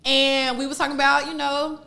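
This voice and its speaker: A woman's voice: high-pitched, little pitch movement, fairly quick, vocal fry, sharp tone. A woman co-hosting a podcast, playful and laughing often in casual chat. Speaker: podcast co-host.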